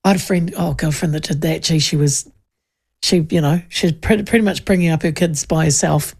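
A woman's voice: deep voice, a little fast, vocal fry, slightly rough. A woman radio host with a New Zealand accent, chatting and telling funny family stories, acting out the voices. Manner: animated storyteller, acts out voices. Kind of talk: casual chat and anecdote.

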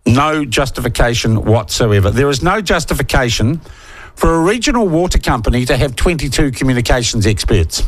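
A man's voice: medium pitch, lively intonation, fairly quick. A New Zealand man hosting talkback radio, blunt and indignant, hammering his points by repeating them. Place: radio studio.

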